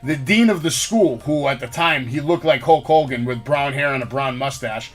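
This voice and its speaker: A man who hosts a podcast, telling stories in an animated, profane way and acting out the quotes. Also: medium pitch, moderate pace, faint music behind. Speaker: podcast host. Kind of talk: casual chat, storytelling.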